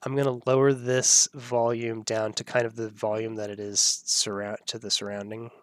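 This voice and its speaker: A man's voice: on the low side, flat delivery, moderate pace, no room sound, clean studio sound. A man hosting a live audio editing tutorial, thinking aloud as he works and laughing at the clips. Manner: musing, thinking aloud while working. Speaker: host.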